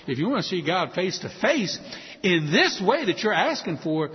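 A man preaching a sermon, animated and acting out quoted voices. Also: high voice, normal speed. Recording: muffled hall with long reverb.

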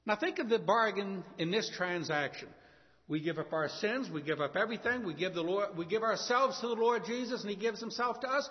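A man's voice: sits high, animated, fairly quick, breathy edge. A man preaching a sermon to a congregation, telling a story and acting out its characters' voices. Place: church. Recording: lo-fi church hall with long reverb.

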